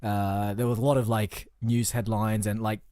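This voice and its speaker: A man's voice: fairly low pitch, little pitch movement, normal speed, mellow, dry recording, clean studio sound. A man co-hosting a casual comedy podcast, rambling through absurd made-up stories with a joking manner. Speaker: podcast co-host.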